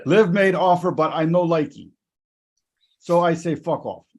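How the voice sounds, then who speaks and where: Man doing a raised, loud, broken-English golfer bit; clipped and blunt. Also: fairly high pitch, unhurried, voice pushed up. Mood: mocking. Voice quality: exaggerated fake accent, clipped broken grammar.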